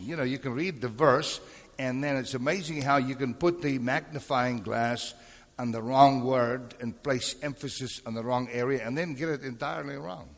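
A husky-voiced male preacher delivering a sermon, often calling on the congregation for an amen. His voice rings out with a long reverb, as in a large church hall. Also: medium pitch. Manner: calls for amens and crowd responses. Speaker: pastor.

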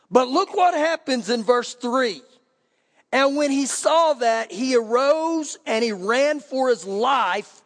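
A man pastor preaching a sermon, reading scripture aloud and then paraphrasing it with emphatic rises in pitch. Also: animated, unhurried. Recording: long hall reverb.

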